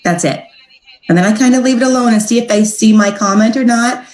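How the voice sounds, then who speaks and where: An upbeat, chatty woman talks through her sales approach like a relaxed coaching session. She slips into a brighter, higher voice when she acts out the messages she sends. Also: brisk, roomy sound, rough recording. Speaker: direct sales team trainer. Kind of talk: casual training talk.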